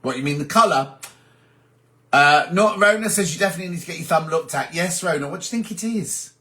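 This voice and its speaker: A man's voice: on the high side, fairly quick, sharp tone. A man from England hosting a casual live chat, reading viewer comments aloud and answering them.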